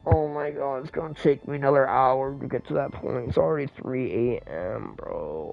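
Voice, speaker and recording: A young man streams a game live, commentating in heavy slang and swearing in exasperation as he rambles through his play. His medium-pitched voice is creaky, and the recording sounds muffled.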